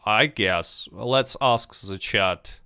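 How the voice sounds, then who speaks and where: Low-voiced man hosting a game stream. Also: drawn-out words, gravelly, bright, forceful tone, smooth, dry recording, clean studio sound. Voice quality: slightly hesitant, repeats words. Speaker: stream host. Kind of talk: casual livestream chat.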